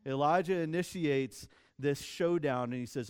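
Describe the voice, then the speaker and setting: A young adult man preaching a sermon, telling a Bible story in a casual, animated way with quick restarts. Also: medium pitch, clean tone. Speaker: pastor.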